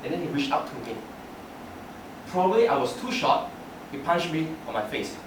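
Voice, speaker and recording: Heard from far away in a noisy, echoey room, a young man with a fairly high, very animated voice gives a humorous prepared speech at a club meeting at a moderate pace. He tells stories about himself and laughs through his lines.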